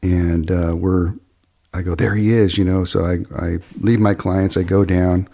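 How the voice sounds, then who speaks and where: Deep-voiced middle-aged guy rambling thru fly shop stories, lots of ums and uhs. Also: little pitch movement, a little slow, a little mellow. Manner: rambling, filler-heavy, acts out quoted lines in a raised voice. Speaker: fly shop owner and podcast host. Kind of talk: casual storytelling.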